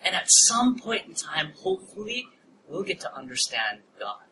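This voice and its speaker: A male pastor, preaching a sermon and telling a personal story with laughs, then dropping to a soft, near-whispered tone. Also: a little high, big pitch swings, normal speed. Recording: distant mic, noisy room ambience.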